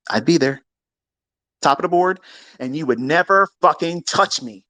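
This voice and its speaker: A man on a heated, profane rant, taunting his critics and bragging, with a voice that sits a little high for a man. He jumps from loud outbursts to low mutters. The sound is dry and close, with no room echo. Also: lively intonation, normal speed, pauses often. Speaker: trading educator hosting a live audio room.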